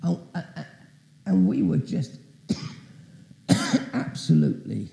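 A man gives a testimony sermon as a guest preacher, telling his story with asides and questions to the audience. His voice is very gravelly and dark, and it rises and falls a lot. The sound rings around an echoey church hall. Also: a little high, big pitch swings, slow. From Britain.

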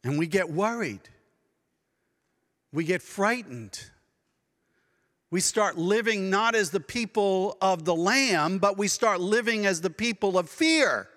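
A man preaching a sermon as pastor, dramatic and expressive, now and then acting out the voices of people he quotes. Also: high-pitched, slow, pauses often, in a large hall. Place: church sanctuary.

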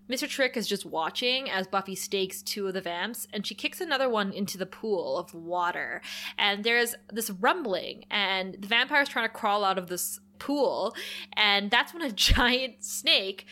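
A woman's voice: mid-range voice, unhurried. A woman co-hosting a podcast, recapping an episode in casual chat, often laughing and acting out the characters' lines. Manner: animated, laughs often, acts out quotes. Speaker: podcast co-host.

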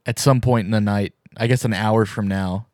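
Chill guy at a tabletop game, deadpan, dry close sound. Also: on the low side, moderate pace, dry recording. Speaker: player.

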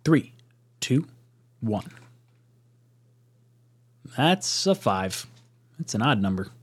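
A man co-hosting a casual sports chat stream, animated and self-mocking, breaking into laughs as he tells stories. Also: mid-range voice, extremely slow, breathy edge. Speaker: podcast co-host.

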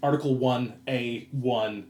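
A man's voice: medium pitch, fairly even intonation, slow pace, slight background noise. Rambling man in an echoey room. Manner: rambling storyteller, trails off quietly. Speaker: podcast co-host. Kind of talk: casual chat. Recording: roomy echo.

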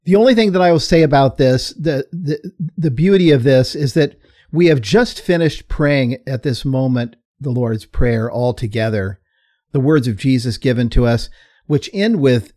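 A man's voice: mid-range voice, moderate pace, darkish tone. A man on a podcast panel giving thoughtful commentary, repeating words as he gathers his thoughts. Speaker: co-host. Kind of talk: reflective commentary.

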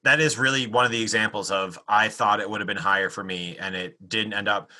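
A man's voice: lowish voice, fairly even intonation, a little fast, pushed and bright. A man co-hosting a casual podcast chat about movies, reflective with jokey asides. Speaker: podcast co-host.

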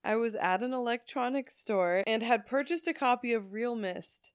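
A woman's voice: fairly high pitch, normal speed, clean tone, no echo, clean studio sound. A young woman cohosting a casual podcast, teasing her friend and giggling a lot. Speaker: podcast co-host. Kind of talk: casual chat.

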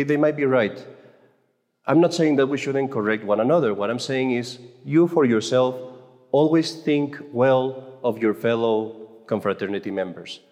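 At a conference for Catholic mothers, a man with a medium-pitched, somewhat dark voice gives a casual faith talk, joking and conversational, often stammering and restarting. The echoey hall carries a long reverb.

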